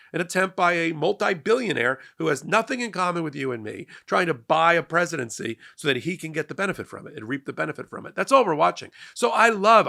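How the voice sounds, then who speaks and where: With a gravelly, sharp voice of fairly high pitch, a male host runs a sarcastic monologue on his legal and political commentary show, often doubling up words as he begins sentences.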